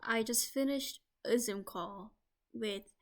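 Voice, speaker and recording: A woman's voice: fairly high pitch, slow pace. A young American woman talking in a casual, rambling vlog on her laptop microphone, full of "like" fillers. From United States. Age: young adult. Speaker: vlogger. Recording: lo-fi laptop recording.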